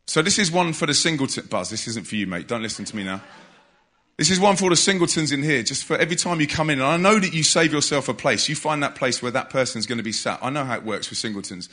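A man's voice: mid-range voice, animated, fast, pushed and bright. A man, preaching in a church in a jokey, conversational way and calling out to the congregation. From England. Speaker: visiting preacher. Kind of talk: lively church talk. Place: church hall.

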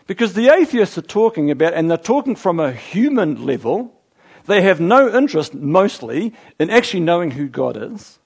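A middle-aged man from New Zealand, a pastor preaching a sermon, building from quiet reflection to fervent exclamations. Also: high-pitched, very animated, moderate pace, vocal fry, husky. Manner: impassioned, rising to fervent exclamations.

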